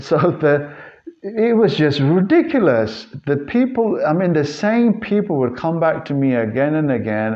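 A man with a mid-range voice hosts a solo fitness podcast, chatting casually and earnestly to his listeners. His delivery rambles, with frequent restarts and fillers. The recording sounds slightly dull and lo-fi. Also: medium pitch. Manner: earnest, addresses listeners as guys. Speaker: fitness trainer and podcast host.

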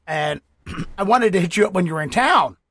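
A man's voice: high-pitched, lively intonation, normal speed, a bit bright, slightly rough, no room sound. A man from Baltimore hosting a podcast, asking chatty, meandering questions. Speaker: podcast host. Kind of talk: casual podcast interview.

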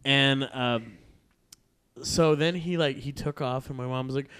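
A man's voice: mid-range voice, a little slow, fairly bright tone, clean tone. Profane, laughing man telling a story. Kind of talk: casual anecdote among friends.

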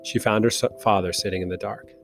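A man reads a novel aloud as a narrator, in a slow, measured style. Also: fairly low pitch, fairly even intonation, vocal fry. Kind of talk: audiobook narration. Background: soft guitar music.

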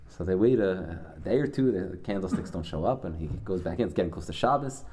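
Low, dark-voiced man teaching Torah. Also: animated, a little hiss or hum. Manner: conversational, halting restarts, peppered with Yiddish and Hebrew terms. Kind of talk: Torah class with Hasidic storytelling.

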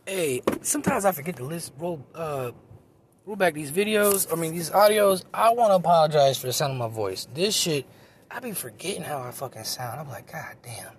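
Rambling, profane man, high voice. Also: lively intonation, moderate pace, a little hiss or hum. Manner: rambling, profane, self-mocking. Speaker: comedian. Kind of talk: casual monologue recording. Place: outdoors in a park. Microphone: phone.

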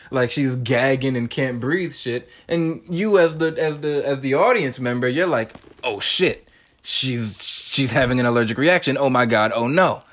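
A man in his twenties, hosting a podcast, retelling a movie scene in an animated, casual way and acting out the characters' lines in quick bursts. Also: medium pitch. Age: 20s. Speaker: podcast host.

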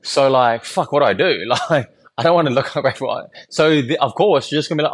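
A man's voice: mid-range voice, fast talker. Candid young man rambling on a podcast. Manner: loose and candid, swears often, laughs between thoughts. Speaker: solo podcaster. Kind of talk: casual rambling storytelling. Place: small home podcast studio.

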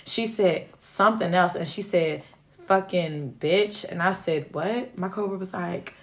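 A woman co-hosting a podcast, telling a story from work in casual, animated, profane chat. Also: fairly low pitch, normal speed. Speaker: podcast co-host.

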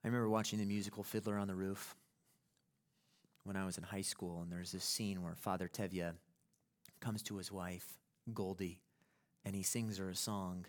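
A man's voice: deep voice, little pitch movement, moderate pace, pauses often. A male pastor preaching a sermon in an emphatic way, building to impassioned peaks.

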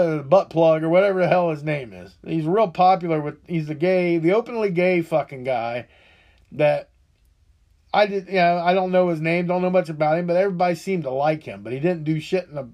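A man's voice: high voice, a little mellow. A middle-aged man hosting a podcast, ranting angrily with heavy profanity, frequent restarts and a frustrated, rambling delivery. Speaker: podcast host. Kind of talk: angry political rant.

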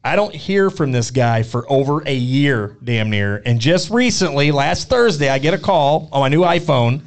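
A man hosting a podcast, telling a rambling story in an animated, casual way. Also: medium pitch, normal speed. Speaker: podcast co-host.

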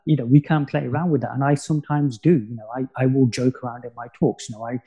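Brief: male spiritual teacher, husky and soft-toned, musing podcast guest. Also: medium pitch, fairly even intonation, fast. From United Kingdom. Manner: reflective, musing, often quiet. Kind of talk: casual spiritual conversation.

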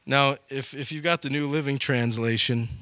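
A man preaching a casual sermon, retelling a scripture story in slangy, animated style. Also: medium pitch, moderate pace, no echo.

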